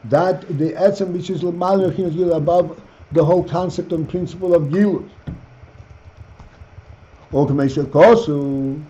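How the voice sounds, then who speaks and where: A man teaching a Torah class as rabbi, reading phrases slowly and explaining them. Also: high voice, fairly even intonation, warm tone. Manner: reads Hebrew phrases slowly, then explains in English. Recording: dull lo-fi class recording.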